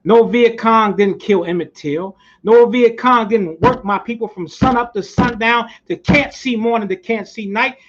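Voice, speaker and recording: A man's voice: high-pitched, a little slow, few pauses. A man impersonating a boastful, defiant heavyweight boxer who taunts with rhyming brags. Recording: muffled lo-fi recording.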